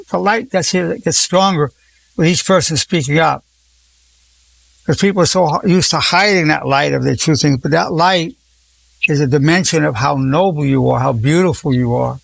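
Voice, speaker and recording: Gravelly old man leading a group. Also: a little high. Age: 80s. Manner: effusive, warmly repeats praise words. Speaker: psychologist leading a group session. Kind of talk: encouraging group talk.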